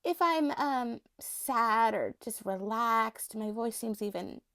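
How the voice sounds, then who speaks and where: High-voiced woman chatting casually about dolls. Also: lively intonation, slow pace, a bit bright, dry recording, studio quality. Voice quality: high, thin voice. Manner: rambling, laughs often, restarts sentences. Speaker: doll collector showing her collection. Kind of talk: casual unscripted vlog chat.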